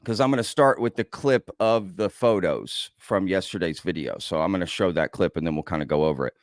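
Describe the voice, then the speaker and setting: Speaking fairly quickly in a low voice, this American livestream host keeps things chatty and casual, saying "y'all" as he reads viewer comments aloud. The studio sound is clean, with no echo.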